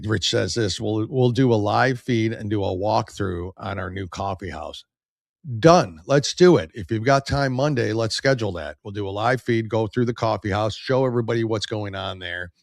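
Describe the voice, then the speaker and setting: A man's voice: fairly low pitch, normal speed, gravelly, no echo, clean studio sound. A man hosting a podcast, giving blunt, opinionated political commentary and reading viewer comments aloud. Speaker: podcast host.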